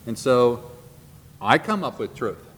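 A man teaching a Bible class from notes, earnest and deliberate, repeating and slowing down on key points. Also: mid-range voice, very animated, a bit bright, slightly rough. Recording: long hall reverb, faint background noise.

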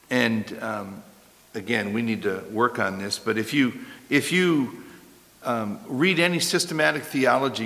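A man preaching a verse-by-verse sermon with a bright, forceful voice. He presses his points emphatically, climbing to strong peaks before settling back down. His words ring out with the long reverb of a big hall. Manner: emphatic, rising to forceful peaks then dropping low. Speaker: pastor. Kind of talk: expository sermon.

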